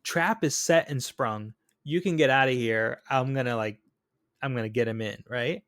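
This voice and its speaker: In casual podcast chat about a film, this male co-host animatedly acts out its quotes. His pitch is medium, his pace moderate, and the audio is studio quality with no echo.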